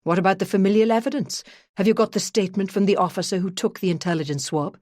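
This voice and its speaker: A woman narrator voicing a brisk, businesslike male crown prosecutor with a Welsh accent. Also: sits high, steady tone, darkish tone, no room sound, clean studio sound, lightly acted.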